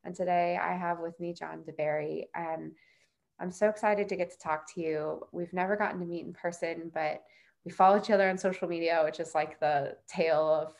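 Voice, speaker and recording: A woman's voice: on the low side, fairly even intonation, fairly quick, creaky, a little mellow. A woman hosting a podcast in a casual, chatty way, full of fillers and self-deprecating laughs. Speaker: podcast host.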